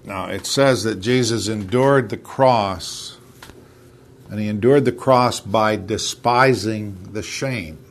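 A man with a low voice preaches a sermon while he feels unwell. He reads scripture aloud in a raised voice and breaks off into halting asides. Faint noise sits under the recording. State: unwell, hurting.

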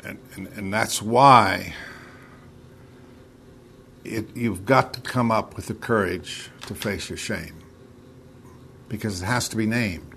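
A man preaching a sermon and reading scripture aloud while he is unwell, with halting asides. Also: on the low side, gravelly, bright, forceful tone, a little hiss or hum. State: unwell, hurting.

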